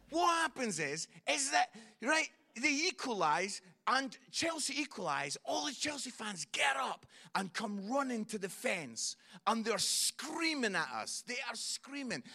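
A Scottish man works a stand-up crowd in a chatty storytelling style. His voice sits high and bright, and it swings up and down a lot as he tells the story and keeps the audience involved. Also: very animated, unhurried. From Scotland. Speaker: stand-up comedian. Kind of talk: stand-up comedy routine.

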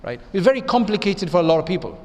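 A man with a high-pitched voice delivers an Islamic lecture as an imam. He talks conversationally and keeps turning to his listeners with rhetorical questions. His words carry a long reverb from a large hall. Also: sing-song, fast talker.

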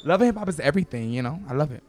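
A man's voice: on the high side, expressive, very fast, a little mellow, faint music behind. A man who is a reality TV cast member, guesting in a casual interview with a brash, joking manner.

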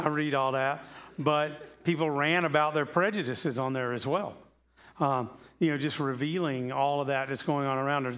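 Male pastor, fairly high voice, conversational sermon, rhetorical questions, loose and chatty. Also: a bit bright. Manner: chatty, asks rhetorical questions, repeats himself. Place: church sanctuary.

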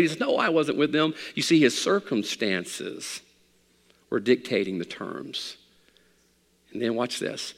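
A middle-aged man preaching a sermon as pastor, animated and rising to near shouts. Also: mid-range voice, a little slow, long reverb tail. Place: church sanctuary.

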